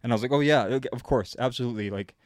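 A man on a podcast, chatting casually and telling a long personal story. His delivery is loose and full of fillers, and his pitch sits mid-range. The recording is dry and close. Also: very fast, dry recording. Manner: laid-back storyteller, many fillers. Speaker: podcast co-host.

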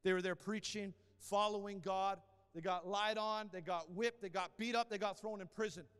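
A male pastor preaches with fervor, rising to loud calls and dropping into hushed storytelling. His voice is unusually high and smooth. Long reverb from a large church hall trails behind him. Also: fairly even intonation, normal speed. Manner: impassioned, swings between loud exhortation and hushed storytelling. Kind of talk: sermon.

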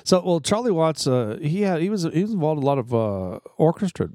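A man co-hosting a casual podcast chat, halting and full of uhs while he recalls facts. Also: on the high side, very animated, dark tone, dry recording, clean studio sound. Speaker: podcast co-host.

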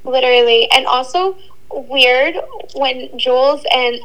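High bright voiced young woman, casual podcast chat, agrees a lot. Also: slow, poor audio. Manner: chatty, agreeable, says "literally" a lot. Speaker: podcast co-host.

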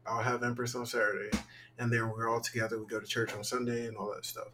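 A man's voice: medium pitch, flat delivery, quick pace, sharp tone, faint music behind, low-quality recording. A young man co-hosting a casual podcast, sounding tired as he rambles candidly, with lots of fillers. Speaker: podcast co-host.

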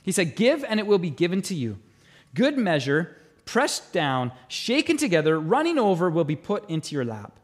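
A middle-aged man preaching a sermon as pastor, telling stories with animated delivery and acting out voices. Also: high voice, normal speed. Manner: animated storytelling, mimics voices in anecdotes. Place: church auditorium.

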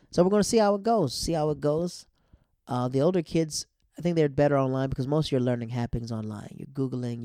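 A man's voice: medium pitch, dark tone, no echo, studio quality. A young man hosting a podcast, chatting loosely and laughing at his own stories. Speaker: podcast host. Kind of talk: casual storytelling monologue.

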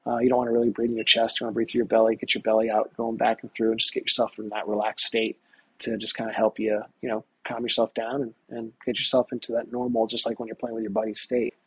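A middle-aged man tells stories in a casual interview, bursting with energy and rattling along. His voice is gravelly with a strongly husky edge. The sound is dry, with no room around it. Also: lowish voice, no room sound, rough recording. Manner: energetic, talks in quick bursts. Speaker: guest, touring golf professional.

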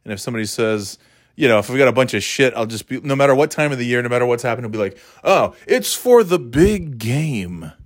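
A man's voice: medium pitch, steady tone, rapid-fire, no echo, studio quality. A man vlogging at home, talking in a rambling, self-deprecating, casually profane way. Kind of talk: casual monologue to camera. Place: at home in a living room.

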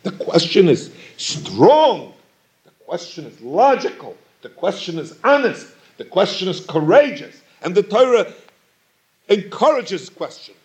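Male Torah teacher, lively emphatic delivery, slightly higher voice, questioning tone. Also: a little slow. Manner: questioning, emphatic, repeats phrases for stress. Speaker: rabbi teaching Talmud. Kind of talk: Torah lecture.

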